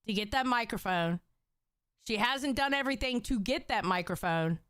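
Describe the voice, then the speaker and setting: A woman's voice: medium pitch, fairly bright tone, clean tone, no room sound, clean studio sound. A woman hosting a casual commentary, reacting bluntly and with lots of swearing to stream clips. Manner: blunt, profane, exclamatory.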